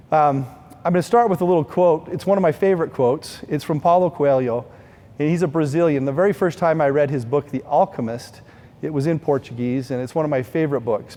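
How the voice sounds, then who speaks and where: A man's voice: a little high, dark tone, big-room sound. A middle-aged man giving a heartfelt storytelling speech at a fundraising event, speaking earnestly to the audience.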